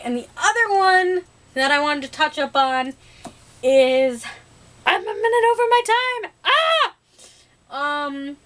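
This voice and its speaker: Bright-voiced chatty young woman vlogger. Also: high voice. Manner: chatty and rambling, laughing often. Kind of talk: casual talk to camera.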